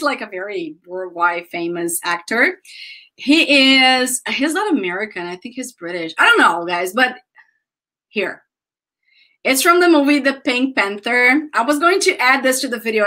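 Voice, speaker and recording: Casting: bright-voiced woman, Brazilian accent, enthusiastic online English teacher, calls students guys. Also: a little high, expressive, moderate pace. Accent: Brazilian Portuguese. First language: Portuguese. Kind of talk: online grammar lesson.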